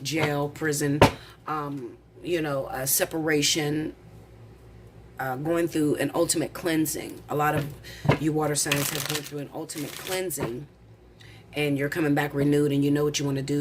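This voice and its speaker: A woman reading tarot cards in a casual, blunt, excitable way, rushing and tripping over her words. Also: sits low, very noisy. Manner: rapid, excitable, blunt with swearing. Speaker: tarot reader.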